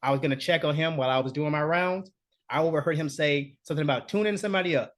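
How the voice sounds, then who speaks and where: Male co-host, lively anecdote-teller, swears freely, laughs a lot. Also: a little high, fast. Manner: animated, profane, laughs often. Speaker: podcast co-host. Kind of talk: casual storytelling chat.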